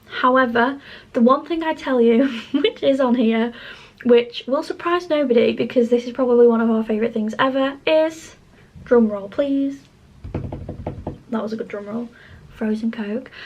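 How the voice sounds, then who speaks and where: A woman's voice: a little high, gravelly, breathy edge, dull audio. A woman chatting casually to camera as a travel vlogger, bubbly and gushing, with plenty of filler "like"s.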